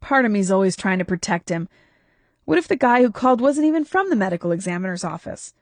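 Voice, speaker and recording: A woman voicing a tired, worried husband who talks quietly and soothingly. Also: mid-range voice, lively intonation, fast talker, no echo, natural voice. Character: weary worried husband, gentle and protective.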